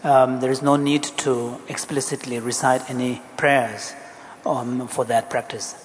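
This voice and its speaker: A man interprets a Buddhist teaching in a measured, deliberate voice of middling pitch. He is recorded in a hall with a long reverb and a faint hiss behind him. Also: flat delivery. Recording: echoey hall, faint background noise.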